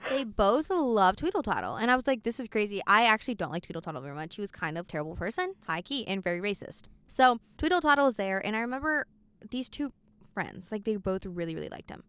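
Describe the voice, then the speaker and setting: A teenage girl hosting a podcast, telling stories in a quick, animated, laughing way. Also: mid-range voice, clear, resonant tone, no room sound. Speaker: podcast host. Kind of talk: casual chat.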